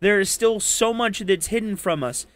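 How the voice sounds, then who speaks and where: A man's voice: sits high, normal speed, fairly bright tone. A man arguing politics heatedly, cursing and throwing insults at his opponent. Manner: angry, profane, insulting. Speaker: debate participant.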